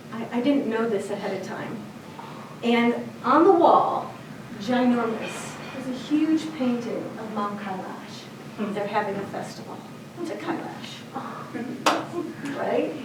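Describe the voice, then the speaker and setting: Her voice is high and her pace slow as she tells a personal story on stage, lively and conversational, laughing often at her own story. The woman, from Chicago's South Side, is recorded by a distant mic in a roomy live venue, and it's very noisy.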